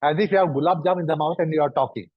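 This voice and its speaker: A man giving a lecture, speaking deliberately and piling up synonyms for emphasis. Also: fairly high pitch, no echo. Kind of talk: lecture to an audience. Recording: dull, dry recording.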